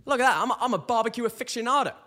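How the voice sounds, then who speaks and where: A man's voice: very high voice, racing. A young man in his twenties hosting a podcast, telling a casual, rambling story with lots of restarts. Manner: animated, rambling with frequent restarts. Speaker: podcast host. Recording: long reverberant echo.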